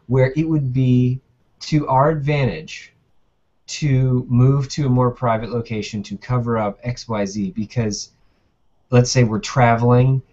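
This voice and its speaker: A man with a mid-range voice talks in a halting, thoughtful way, often stopping partway through his sentences. The recording sounds muffled and lo-fi. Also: medium pitch, fairly even intonation, darkish tone. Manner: halting, thoughtful, speaks in fragments. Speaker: guest. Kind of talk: casual conversation. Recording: dull lo-fi recording.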